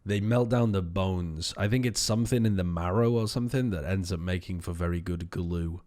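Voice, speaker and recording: A man in his thirties, a streamer riffing through deadpan, rambling tangents while reading chat. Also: low-pitched, normal speed. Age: 30s.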